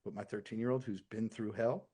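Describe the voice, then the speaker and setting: A man in his forties, a podcast guest talking earnestly in casual chat, often dropping to a hushed voice. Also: fairly low pitch, steady tone, a little fast, husky. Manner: earnest, swings from loud to hushed.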